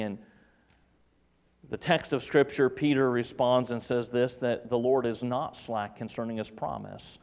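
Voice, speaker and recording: A man preaching a sermon as pastor, swinging between loud emphatic peaks and hushed, tender drops. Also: mid-range voice, clean tone. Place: church.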